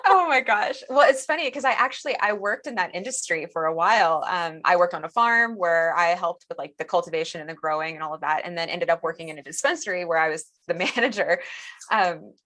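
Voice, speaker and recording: Bright-voiced woman podcast host. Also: fairly low pitch, animated, a little fast. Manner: friendly, laughs often, chatty. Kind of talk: casual interview chat.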